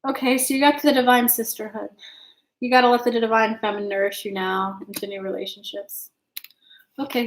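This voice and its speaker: A young adult woman from the United States hosting a casual live-stream tarot reading, chatty and loose, now and then swearing. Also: a little high. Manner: chatty, reads comments aloud, swears casually. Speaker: tarot reader and channel host. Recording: echoey room.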